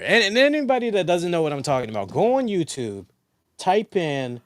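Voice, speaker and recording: A man co-hosting a podcast, telling stories in a rambling, excitable way with lots of fillers and swearing. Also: fairly high pitch, a little fast, no room sound, clean studio sound. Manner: rambling, excitable, profane storytelling. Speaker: podcast co-host. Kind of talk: casual chat.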